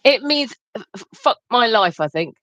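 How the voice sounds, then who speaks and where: A woman's voice: a little high, lively intonation, measured pace, a bit bright. A woman co-hosting a casual livestream, teasing her co-host and giggling.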